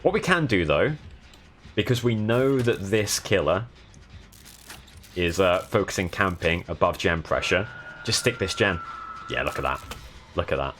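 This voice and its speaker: Deep-voiced southern English streamer. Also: male voice, animated, unhurried, pauses often, fairly bright tone, faint music behind. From south of England. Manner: chatty, thanking viewers while playing. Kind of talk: live gameplay commentary.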